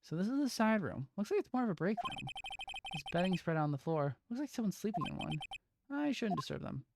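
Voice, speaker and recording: A woman's voice: mid-range voice, very animated, quick pace, creaky, noisy background, pitched above the performer's own voice. A woman voicing a young male lawyer in her own voice, muttering dry asides while reading game dialogue aloud. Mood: wry. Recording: game music behind.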